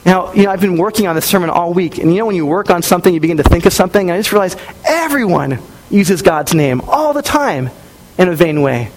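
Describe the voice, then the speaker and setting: A male pastor in his thirties preaches quickly in a notably high-pitched voice, with slight background noise on a rough recording. His delivery is relaxed and conversational, and he slips into the voices of the people in his stories, acting out their quotes.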